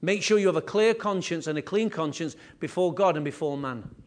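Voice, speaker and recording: A man preaching a sermon as pastor, animated and repetitive, with conversational asides. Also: a little high, a little fast. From England.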